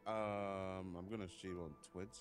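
A man's voice: sits low, level tone, measured pace, faint music behind. A man joining friends over a voice call, chatting in an easygoing, playful way. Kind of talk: casual chat on a call.

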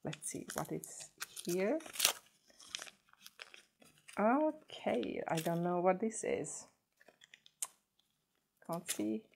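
A woman with a low voice unboxes a beauty gift box in a relaxed, unhurried chat. She gushes over each item and repeats her words when excited. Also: creaky, noisy background. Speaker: beauty vlogger.

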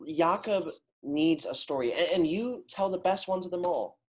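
A man's voice: high-pitched, moderate pace, a little mellow, natural voice. A teen boy playing a stammering shy suitor. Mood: nervous. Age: teens. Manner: stammering, hesitant. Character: shy young man, Ferdinand, playing frog. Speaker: student actor.

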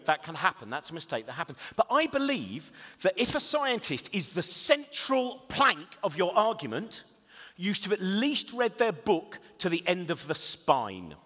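A man giving a comic lecture in a large hall, rambling and interrupting himself. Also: fairly high pitch. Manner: rambling, self-interrupting, animated. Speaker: comedian giving a talk. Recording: reverberant hall.

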